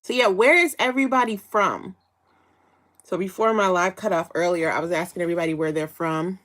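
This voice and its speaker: With a fairly low but slightly bright voice, this Chicago livestream host in her 20s talks fairly quickly. She's chatty and giggly, reading viewer comments aloud during a casual stream.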